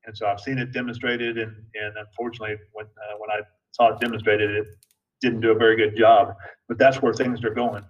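A man's voice: fairly low pitch, flat delivery, a little fast, recorded from a distance, muffled recording. A man who works as an investigator, a guest on a talk show, chatting casually with lots of "you know"s. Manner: conversational, many "you know" fillers.

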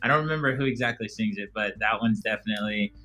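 Bright-voiced earnest man guest. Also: fairly low pitch, quick pace, faint music behind. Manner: heartfelt, earnest storytelling. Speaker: podcast guest. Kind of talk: casual interview chat.

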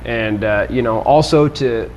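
A man's voice: mid-range voice, measured pace, darkish tone. A man in a casual chat, talking earnestly and reflectively, with casual swearing. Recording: faint background noise.

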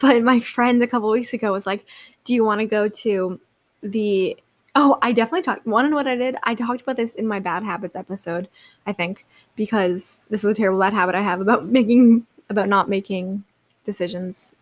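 A woman's voice: mid-range voice, quick pace. A young woman hosting her own podcast, talking casually and rambling, with many likes and restarts. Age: young adult. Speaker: podcast host. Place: seated in a chair.

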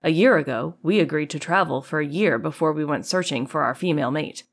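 A calm alien man states facts in a flat, clinical way, as a woman narrator reads him. The voice sits low and even. This is an audiobook read. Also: a little fast. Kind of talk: audiobook character reading.

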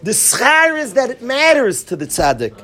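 A man's voice: very high-pitched, very animated, normal speed, bright, forceful tone. A man, a rabbi, giving a casual Torah class to students in a room, telling stories animatedly, acting out quotes and laughing often.

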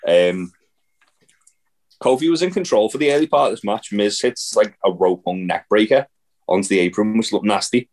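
Man, lowish voice, rambling casual chat, podcast co-host. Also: expressive, moderate pace, darkish tone. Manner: rambling, many ums and likes. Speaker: podcast co-host reviewing wrestling.

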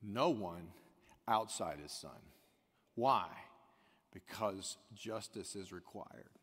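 A man preaching a sermon, asking the room questions and swinging between loud peaks and hushed lines. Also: on the low side, animated, slow, slightly rough. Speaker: pastor. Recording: long hall reverb.

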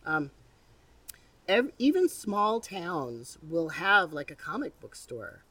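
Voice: mid-range voice, very animated, slow pace, bright, forceful tone, no echo, distant mic. An interviewer in their fifties with a lozenge in the mouth after a cold, talking in a rambling way full of restarts. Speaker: interviewer and radio host. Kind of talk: casual interview chat.

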